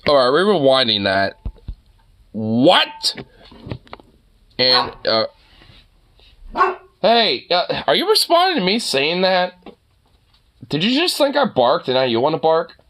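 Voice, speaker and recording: A man's voice: on the high side, huge pitch swings, slow, pauses often, fairly bright tone. A young man streaming, ranting in casual chat, swearing a lot and laughing often.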